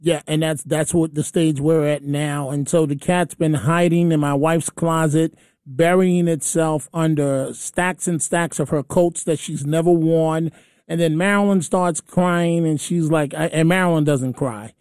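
A man's voice: fairly high pitch, steady tone, unhurried, darkish tone, clear, resonant tone, no echo, studio quality. A man hosting a call-in radio talk show, telling a personal story in a chatty, emotional way. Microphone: studio microphone.

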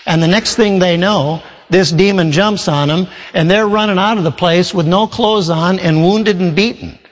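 A man pastor preaching a sermon, reading scripture and explaining it in an animated way. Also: high-pitched, moderate pace, long reverb tail, poor audio.

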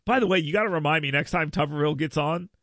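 A man's voice: on the high side, very fast, a bit bright, no echo, clean studio sound. A man hosting a talk radio show, telling a rambling story full of mocking voices. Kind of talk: casual radio chat.

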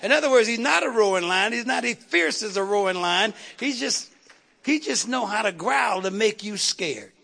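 High, gravelly fiery male preacher. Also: lively intonation, moderate pace, pushed and bright. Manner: call-and-response, repeats words for emphasis. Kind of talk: fiery sermon.

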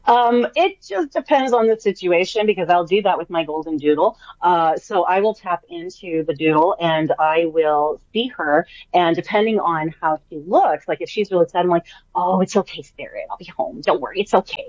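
A woman's voice: lowish voice, animated, moderate pace, few pauses, no echo, lo-fi sound. A woman who works as an animal communicator, talking chattily and enthusiastically as a guest in a radio interview. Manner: warm, chatty, enthusiastic, many fillers.

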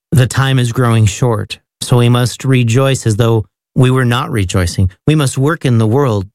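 A man with a lowish voice reads aloud in a slow, reverent way. The sound is close and dry. Each phrase is measured and solemn. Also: darkish tone, dry recording. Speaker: reader. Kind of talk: solemn scripted reading.

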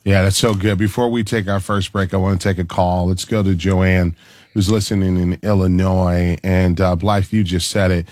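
A man hosting a Christian call-in radio show, speaking gently and encouragingly to callers and guests. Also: deep voice, flat delivery, normal speed, no room sound, clean studio sound.

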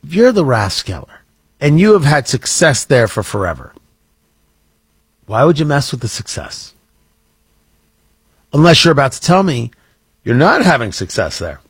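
A man's voice: medium pitch, very animated, moderate pace, long pauses, slightly rough. A man hosting a talk radio show, chatting casually with wry asides and frequent restarts.

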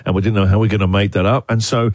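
A man's voice: on the low side, steady tone, racing, dry recording. A man with an Australian accent hosting breakfast radio in a studio, joking and teasing his guests. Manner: jokey, teasing, laughs often. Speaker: radio host.

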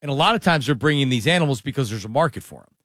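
A man's voice: mid-range voice, lively intonation, racing, a bit bright, dry recording, studio quality. Rambling male sports talk co-host. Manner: rambling, restarts sentences.

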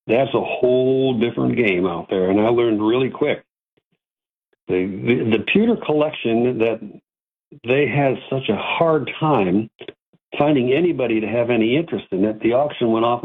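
A man, an antiques dealer, telling a folksy story with animated asides and a husky voice. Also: lowish voice. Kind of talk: casual storytelling. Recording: tinny phone-like audio.

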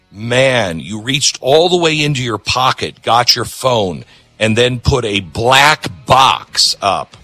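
Male radio host; sarcastic, ranting monologue, very animated pitch, bright tone. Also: no room sound. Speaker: radio talk show host. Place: radio studio.

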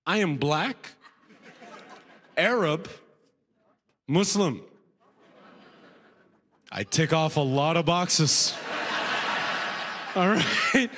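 Male comedian, slightly high voice, casual set with crowd asides, hall echo. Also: lively intonation, very slow, pauses often, a bit bright. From Alberta, Canada. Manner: conversational, frequent "right?" asides, drawled impressions. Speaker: stand-up comedian. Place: comedy festival stage before a live audience.

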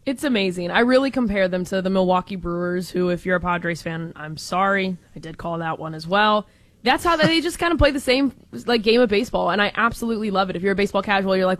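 Female sports co-host, excitable and casual, dry close mic. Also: medium pitch, fast talker, no room sound. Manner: excited, laughs often.

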